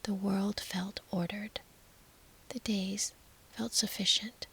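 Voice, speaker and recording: A woman whispering a calm, slow sleep story for adults as its storyteller. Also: medium pitch. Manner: slow, hushed, soothing whisper.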